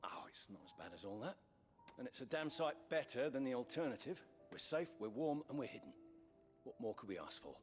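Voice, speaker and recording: A man's voice: medium pitch, very animated, brisk, music in the background, natural voice. An actor playing a kindly, reassuring male carpenter in a video game.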